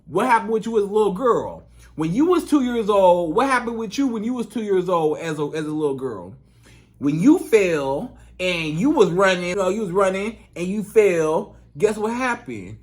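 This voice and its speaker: A man's voice: high voice, very animated, normal speed. A man giving relationship advice in a casual, emphatic monologue, repeating his points in colloquial speech. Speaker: relationship coach.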